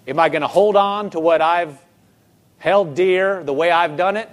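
Male pastor, high voice, earnest sermon delivery with acted-out inner voices. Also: moderate pace. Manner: earnest preaching, quotes scripture, acts out inner dialogue.

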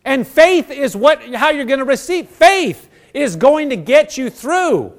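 A man's voice: very high voice, very animated, measured pace. A man preaching a sermon, earnest, acting out the prayers of the people he addresses. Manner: earnest, acts out prayers in quoted voices.

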